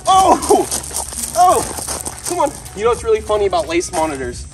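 A young man from the United States, who films a wildlife vlog, explains things chattily and yelps and shouts excitedly during the action. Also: high-pitched, fast, music in the background. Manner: chatty and explanatory between attempts. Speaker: wildlife vlogger. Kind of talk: excited animal vlog commentary.

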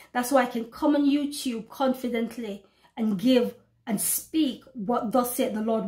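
A woman with a high, bright-pitched voice preaches to her online followers with fervent conviction. She presses her points emphatically and draws out her words whenever she reads scripture aloud. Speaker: prophetic YouTube preacher. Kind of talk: preaching to camera.

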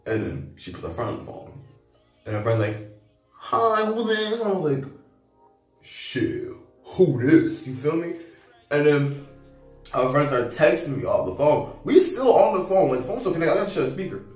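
A young man telling a casual storytime, slangy and animated, acting out both sides of the conversation. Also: on the high side, a little fast. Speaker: vlogger. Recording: echoey room heard from a distance, faint music.

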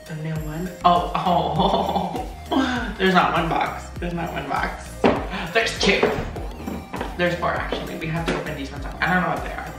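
A hyper vlogger unboxing a gift package, gasping and giggling between excited exclamations. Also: male voice, a little high, moderate pace. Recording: roomy, distant from the mic, with music.

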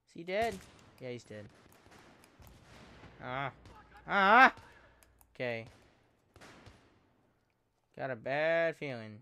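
A man giving live commentary over his video game, excitable and joking, swearing and yelping as things happen. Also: medium pitch, slow, pauses often, a little hiss or hum. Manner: joking, self-mocking asides. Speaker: gameplay commentator.

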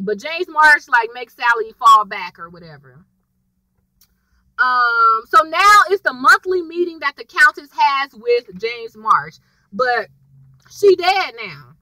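A woman giving a casual, animated recap of a TV episode and talking straight to her viewers. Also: extremely high pitch, normal speed, no room sound, poor audio. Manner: chatty, animated storytelling, addresses viewers directly. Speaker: TV episode reviewer.

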